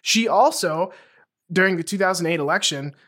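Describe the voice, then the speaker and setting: Higher-voiced laid-back male podcast host. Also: normal speed, bright, forceful tone. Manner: laid-back, laughs easily. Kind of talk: casual chat.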